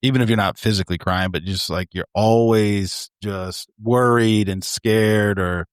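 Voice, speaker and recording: A man's voice: on the low side, steady tone, measured pace, clear, resonant tone, dry recording, clean studio sound. A man co-hosting a podcast, talking in an earnest, reflective way and calling his listeners bro. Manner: earnest and reflective, speaks to other men as bro. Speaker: podcast co-host. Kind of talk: casual chat.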